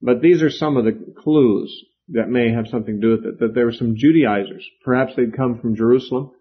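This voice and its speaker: Male Bible teacher, conversational lecture style, husky tone, muffled lo-fi recording. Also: mid-range voice, fairly quick. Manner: conversational, with fillers and asides.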